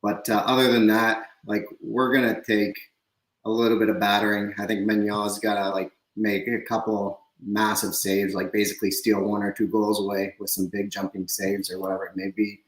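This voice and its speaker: A man giving a casual match preview, measured and heavy on fillers. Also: fairly low pitch, flat delivery, reverberant, poor audio. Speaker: podcast guest.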